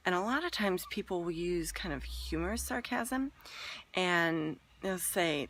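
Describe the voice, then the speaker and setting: A woman's voice: on the low side, expressive, a little slow, fairly bright tone. Earnest, emphatic woman giving advice. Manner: earnest, emphatic, repeats key points, sometimes drops to a whisper for emphasis. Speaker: relationship advice host. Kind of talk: direct advice talk.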